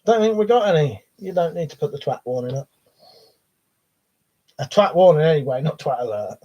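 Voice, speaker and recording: Casual man, slightly high voice. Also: animated, a little fast, warm tone. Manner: reads out viewer comments and chats back casually, swears freely. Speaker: livestream host. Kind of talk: casual live-chat stream. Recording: dull lo-fi stream audio.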